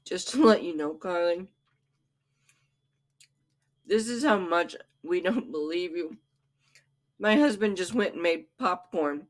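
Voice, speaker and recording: A woman at home talks slowly and deliberately while she calls someone out. Her tone is scornful and mocking, with laughter breaking into the anger. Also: fairly low pitch, lively intonation. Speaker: reaction video host. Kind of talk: angry call-out commentary.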